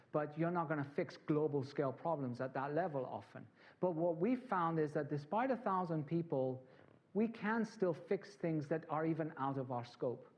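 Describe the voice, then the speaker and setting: A man's voice: a little high, lo-fi sound. A man from England, giving a conversational conference talk full of anecdotes and asides to the audience. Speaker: conference speaker.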